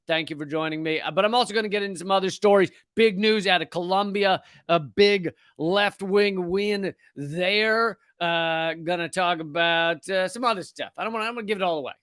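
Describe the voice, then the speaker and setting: A man hosts a comedy livestream in a high, lively voice that often jumps to a shout. He talks fast and sarcastically. The sound is dry and close to the mic. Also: no echo. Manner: loud, shouting and animated, swings into sarcasm. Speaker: host. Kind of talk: political comedy livestream monologue.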